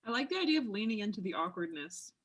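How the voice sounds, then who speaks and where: Woman, meeting participant, soft, casual, distant call audio. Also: medium pitch, sing-song, fast.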